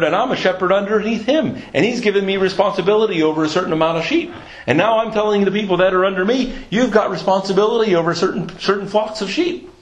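A man preaching a sermon with earnest emphasis, reading scripture aloud and explaining it. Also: on the high side. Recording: echoey room.

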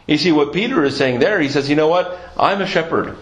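A man's voice: on the high side, brisk, few pauses. A man preaching a sermon with earnest emphasis, reading scripture aloud and explaining it. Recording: echoey room.

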